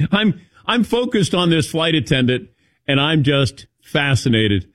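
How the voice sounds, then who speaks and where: Animated man hosting a talk show. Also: a little high, measured pace, no echo, clean studio sound. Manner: animated, teasing, calls on cohosts by name. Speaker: radio show host. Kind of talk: casual banter.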